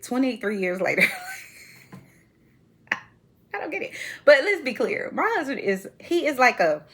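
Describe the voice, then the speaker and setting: A woman in her forties hosting a reality TV commentary chat, sassy and animated, laughing often as she talks. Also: medium pitch, breathy edge. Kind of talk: casual chat.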